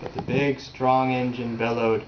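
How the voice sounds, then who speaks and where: A man patiently reading a picture book aloud to a child at home, gently prompting along. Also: medium pitch, little pitch movement, a little slow, highs cut off, noisy background. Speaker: reader.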